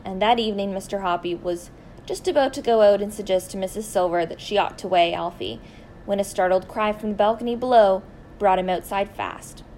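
A woman reading a children's story aloud, expressive and deliberate, slowing down for emphasis. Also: medium pitch, slight background noise, rough recording.

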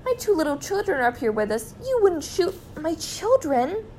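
A woman reading aloud, voicing a frantic mother who pleads in a shrill voice. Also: very animated, quick pace, vocal fry, slight background noise, heavily acted. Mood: pleading. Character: frantic, high-strung mother.

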